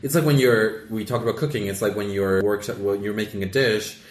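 Low-voiced rambling podcast host. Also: male voice, fairly even intonation, fairly quick, echoey room. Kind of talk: casual podcast chat.

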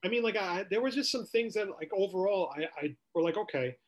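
A man's voice: high-pitched, brisk. Ranting male sports podcast host. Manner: animated, ranting, rhetorical questions. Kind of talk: casual sports talk.

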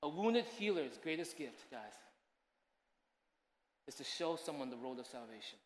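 A man in his thirties preaching a sermon, swinging between loud urgent pleading and soft, chatty asides. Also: mid-range voice, very animated, moderate pace. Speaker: pastor. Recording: echoey hall.

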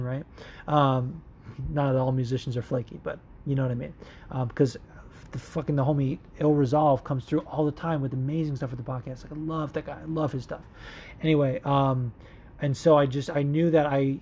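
A man talks into his podcast mic in a mellow, dark tone. He rambles and swears freely, restarts his sentences often and leans on fillers, like a casual solo show host thinking out loud. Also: mid-range voice. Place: Los Angeles area.

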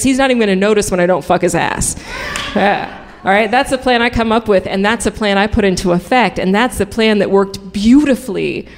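A woman tells a bawdy personal story on stage in a frank, comic, profane way. Her voice carries through a big hall with a long, lingering reverb. She sits in a middle pitch, neither high nor low.

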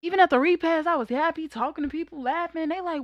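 Candid high-voiced young woman, dry sound. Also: moderate pace, dry recording. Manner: raw, conversational storytelling with loud bursts of laughter. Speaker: vlogger. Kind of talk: candid personal monologue.

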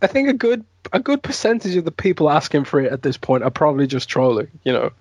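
A man's voice: on the high side, very animated, quick pace, darkish tone, no echo, highs cut off. Chatty man with West Midlands accent. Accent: West Midlands English. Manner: chatty, laughs often, repeats words. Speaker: guest podcast panelist. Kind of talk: casual podcast chat.

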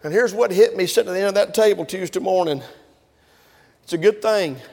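Male preacher, folksy storyteller, high voice, long echo of a large hall. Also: a little fast, gravelly. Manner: folksy storytelling, building to shouting. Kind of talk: sermon.

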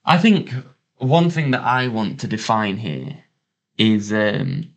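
A man's voice: on the low side, animated, slow pace, highs cut off. A man co-hosting a casual chat, joking and sceptical, chipping in with comic asides. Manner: joking, sceptical, laughs at his own bits. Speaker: podcast co-host. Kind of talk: casual banter.

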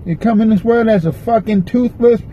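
A man's voice: high voice, moderate pace, muffled recording, a little hiss or hum. A man hosting a podcast, rambling and cursing as he vents from his parked car. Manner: profane, restless, venting. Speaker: podcast host. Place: parked car in a parking lot.

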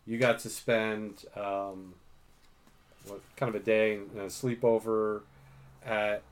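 A man's voice: lowish voice, level tone, slow pace. Chatty self-mocking middle-aged man. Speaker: podcast host. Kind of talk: casual chat.

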